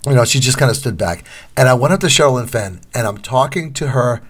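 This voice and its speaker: A man co-hosting a podcast in casual chat, an animated storyteller. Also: mid-range voice, fast. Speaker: podcast co-host.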